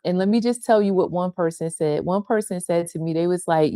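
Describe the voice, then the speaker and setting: A woman's voice: lowish voice, steady tone, moderate pace, few pauses, darkish tone, dry recording, studio quality. Effusive middle-aged woman hosting a video call. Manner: effusive, affectionate, greets people by name. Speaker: host of an online women's faith gathering. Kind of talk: casual welcome and chat with viewers. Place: sun porch at home.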